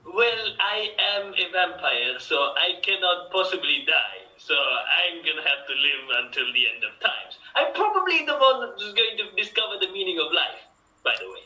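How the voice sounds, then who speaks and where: A man's voice: sits high, animated, moderate pace, sharp tone, heavily acted. A man voicing a boastful, self-important immortal vampire in an improv game. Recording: roomy, distant mic.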